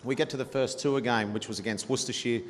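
On stage in a large dinner hall, a guest storyteller in his 40s with an Australian accent tells a chatty, blunt, profane sporting anecdote after dinner, laughing along with the audience. His medium-pitched voice is steady and quick, and the reverberant hall carries faint room noise.

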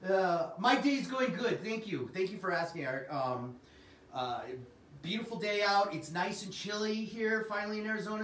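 A man's voice: high voice, fairly bright tone, distant mic. A man hosting a livestream sales show, with upbeat salesman patter and chatting with his viewers. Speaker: host. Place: Arizona. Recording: roomy sound from off the mic.

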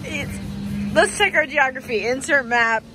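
Brief: young woman, very high and bouncy, slow, hamming a bad British accent. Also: animated, over a noisy crowd, heavy background noise. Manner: bad put-on British accent, laughs a lot. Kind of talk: casual chat.

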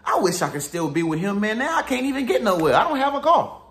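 Guy doing a mopey ex, low muttering, kinda echoey room. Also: very animated, fast talker, a bit bright, heavily acted. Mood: regretful. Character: regretful ex-partner, grown, sulking and stranded.

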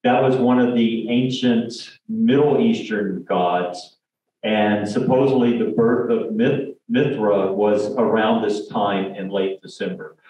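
A man's voice: lowish voice, fairly even intonation, takes it slowly, warm tone, a little hiss or hum. A man giving a rambling church presentation, full of fillers, restarts and jokey asides. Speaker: lay speaker. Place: church hall. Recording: distant mic, echoey sanctuary, dull lo-fi sound.

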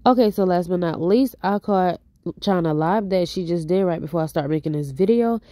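A woman's voice: on the low side, a little fast, mellow, dry recording, studio quality. A woman hosting a casual commentary channel, chatting straight to her viewers. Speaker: host.

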